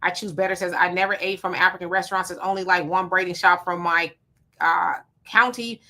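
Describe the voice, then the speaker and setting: A woman hosting a casual livestream, reading viewer comments aloud and giving quick, relaxed replies. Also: on the low side. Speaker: livestream host.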